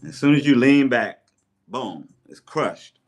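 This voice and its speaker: A man chatting casually on a livestream while he takes down his hair, telling stories with lively quoted voices. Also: mid-range voice, slow, faint music behind. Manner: chatty, animated storyteller with playful voices in quotes. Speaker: live streamer. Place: at home doing his hair. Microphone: tablet mic.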